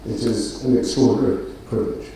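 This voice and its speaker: A middle-aged graduation speaker addresses a large auditorium with relaxed, mellow delivery and dry wit aimed at himself, pausing on little filler words. Heard from a distant mic, his medium-pitched voice echoes heavily through the hall, with a faint room murmur and slight background noise beneath.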